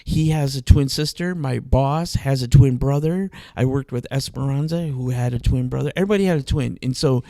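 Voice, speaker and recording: A man's voice: medium pitch, brisk, vocal fry, few pauses, warm tone, no echo, clean studio sound. A man hosting a podcast, chatting casually with gossipy, dramatic flair. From Mexico. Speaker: podcast host. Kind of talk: casual chat.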